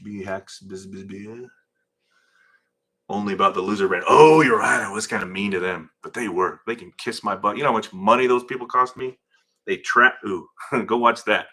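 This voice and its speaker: A man's voice: fairly low pitch, slightly rough. A man hosting a live stream from his garage, chatting and rambling while reading out viewer names. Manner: rambling, animated, reads chat names aloud. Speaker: host of a live car-build stream. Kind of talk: casual live-stream chat. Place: home garage workshop.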